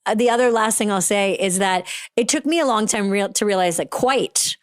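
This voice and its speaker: A woman with a Boston accent hosting a casual interview, playful and quick to laugh. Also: medium pitch, dry recording, studio quality. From United States. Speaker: podcast host.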